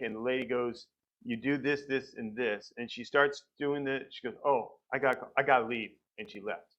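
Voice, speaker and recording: A man's voice: medium pitch, lo-fi sound. Man giving a church testimony. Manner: conversational storytelling, acts out quoted doctors. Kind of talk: personal testimony from the pulpit. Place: church sanctuary.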